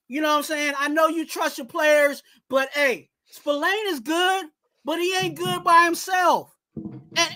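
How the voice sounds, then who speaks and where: A high-voiced man hosts a casual live sports stream and rants straight at the coach. His tone is bright and forceful, animated, and he keeps coming back to his catchphrase. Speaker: host of a fan sports talk show.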